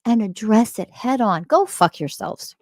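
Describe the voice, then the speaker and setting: A woman hosting a podcast, delivering a confrontational, profane ranting monologue that swings from loud emphasis to quiet muttering. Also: mid-range voice, expressive, unhurried, no room sound, clean studio sound. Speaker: podcast host.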